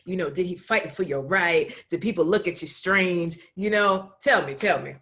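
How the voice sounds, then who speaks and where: A woman's voice: lowish voice, moderate pace, fairly bright tone. A woman who hosts a dating coaching show, interviewing a guest with direct, prompting questions. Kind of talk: interview hosting.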